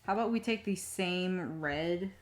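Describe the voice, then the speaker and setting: Woman streamer narrating her drawing to herself, lowish voice, rambling with fillers. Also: a little slow. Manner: rambling, self-talk with many fillers, soft muttering asides. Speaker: streaming digital artist. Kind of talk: casual live-stream chat while drawing.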